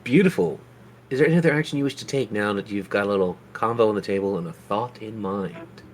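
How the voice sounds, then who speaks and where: A man running a tabletop role-playing game as game master, lively and encouraging, laughing easily with his players. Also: lowish voice, fast, a little hiss or hum.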